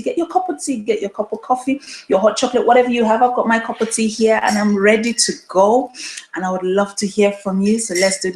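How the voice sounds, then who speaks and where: An earnest woman in her thirties from Nigeria hosts her own live online show and talks straight to her viewers. She presses her points home by repeating phrases. The voice sits at a middle pitch and carries a noticeable room echo. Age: 30s. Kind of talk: solo live-stream talk to viewers.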